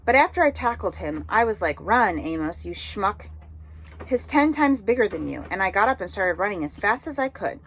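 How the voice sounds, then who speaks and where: A woman voicing an excitable, talkative schoolboy who tells things animatedly. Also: mid-range voice, moderate pace, slight background noise, low-quality recording. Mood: excited.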